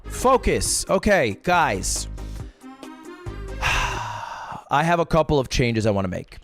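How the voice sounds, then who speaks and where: A man giving casual, joking streaming commentary while ranking products, animated and often profane. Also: medium pitch, takes it slowly, faint music behind.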